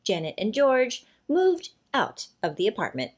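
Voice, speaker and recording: A woman reading a children's story aloud, with slow, animated storybook narration. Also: on the high side.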